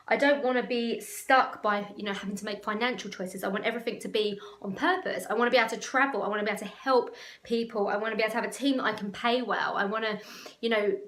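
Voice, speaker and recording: A woman's voice: on the high side, a bit bright, roomy sound. A woman business coach talking to camera in an emotional, passionate, rambling way. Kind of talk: casual talk to camera.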